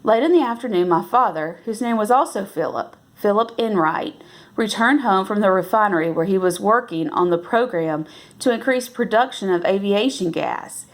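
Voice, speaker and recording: A woman reading a novel aloud at an unhurried pace, now and then correcting herself and lifting her voice for the characters' lines. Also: mid-range voice, animated. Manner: unhurried, with self-corrections and restarts. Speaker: reader.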